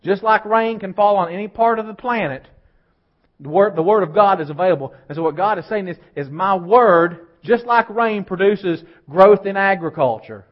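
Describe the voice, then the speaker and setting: Male pastor, high voice, preaching with rising fervor; dull lo-fi recording. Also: moderate pace. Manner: preaching, builds from low and quiet to loud and emphatic. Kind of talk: sermon.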